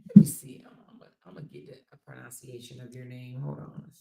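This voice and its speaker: A woman's voice: a bass voice, level tone, a little fast, vocal fry, dark tone. A woman hosting a casual livestream, reading viewer comments aloud and chatting back in reply. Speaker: livestream host.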